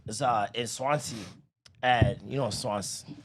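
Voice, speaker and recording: A man's voice: mid-range voice, a little slow, slight background noise. A man from Toronto with a Toronto accent, hosting a podcast and chatting casually in slang. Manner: slangy, storytelling, frank. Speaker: podcast host.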